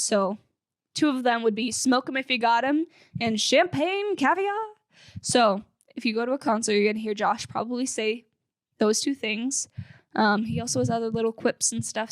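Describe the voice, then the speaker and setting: A woman's voice: fairly high pitch, no echo, studio quality. A young woman hosting a fan podcast, chatting casually and upbeat with lots of filler words. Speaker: podcast host.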